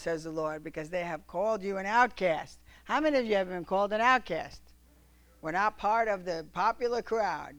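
A preacher reading scripture aloud and telling lively stories to a congregation, often laughing. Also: female voice, mid-range voice, moderate pace. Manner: animated, laughing storyteller.

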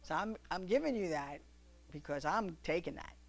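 A preacher reading scripture aloud and telling lively stories to a congregation, often laughing. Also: female voice, lowish voice, normal speed. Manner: animated, laughing storyteller.

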